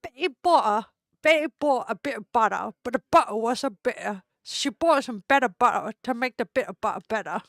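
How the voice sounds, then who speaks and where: A woman doing a put-on British accent to recite a tongue twister with crisp, careful delivery. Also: fairly high pitch, lively intonation, brisk, a bit bright, no room sound, studio quality. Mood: showing off.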